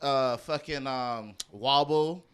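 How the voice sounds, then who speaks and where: A man's voice: medium pitch, slow, fairly bright tone, clear, resonant tone. A man co-hosting a podcast, talking in a laid-back, emphatic way full of slang. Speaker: podcast host. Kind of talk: casual chat.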